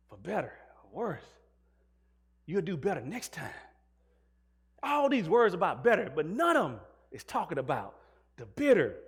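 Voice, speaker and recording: A man's voice: sits high, huge pitch swings, moderate pace, long pauses, slightly rough. A male pastor preaching a sermon, asking the congregation questions and mixing in jokes. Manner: call-and-response questions to the congregation.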